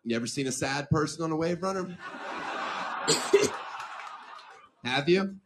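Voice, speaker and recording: A man doing a stand-up comedy set, delivering dark jokes in a dry, deadpan way with rhetorical questions. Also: a little high, slow pace, background noise.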